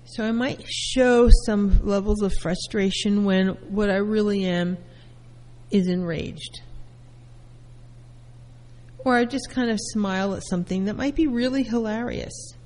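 A woman therapist giving a calm lecture, explaining terms through everyday first-person examples. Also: mid-range voice, a little slow, in a large hall, low-quality recording. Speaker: therapist teaching.

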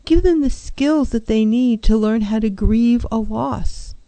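Warm-voiced woman counselor giving advice. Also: fairly high pitch, a little slow, no echo. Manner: earnest, advising, acts out clients' voices. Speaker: licensed counselor hosting a show. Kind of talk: talk show monologue.

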